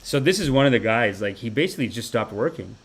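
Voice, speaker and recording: A man in his thirties from Canada hosting a live-stream podcast of satirical commentary, profane and animated, swinging between loud outbursts and mumbled asides. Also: medium pitch, quick pace, slightly rough. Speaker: podcast host.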